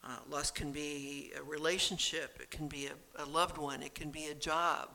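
A speaker giving a gentle, earnest and reflective personal talk. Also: mid-range voice, level tone, moderate pace, creaky.

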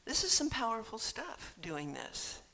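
A speaker giving a gentle, earnest and reflective personal talk. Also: medium pitch, big pitch swings, measured pace, gravelly.

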